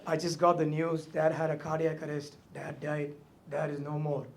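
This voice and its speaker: A man's voice: fairly high pitch, little pitch movement, normal speed. A male stand-up comedian telling a story on stage into a handheld mic, often tagging his lines with "right?". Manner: tags lines with a questioning "right?".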